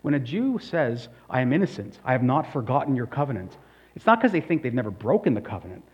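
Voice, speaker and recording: A man preaches a sermon at a mid pitch, throwing himself into the scripture quotes he voices. The sound is dull and lo-fi, as if from a modest recording. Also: fast, breathy edge. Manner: animated, dramatic voicing of scripture quotes. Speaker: pastor.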